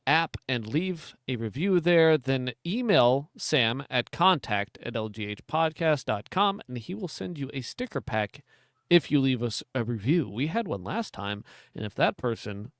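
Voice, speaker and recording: A man's voice: mid-range voice, very animated, measured pace, no echo, clean studio sound. A man co-hosting a hunting podcast, explaining cartridges in detail and reading the show's sign-off in a casual chat. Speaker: podcast co-host.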